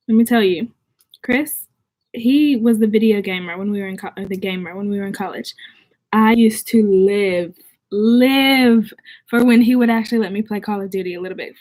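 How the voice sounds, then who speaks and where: A woman's voice: on the high side, darkish tone. Chatty young woman on a livestream. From southern United States. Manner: chatty, bubbly, reads comments aloud. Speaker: vlogger. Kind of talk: casual livestream chat.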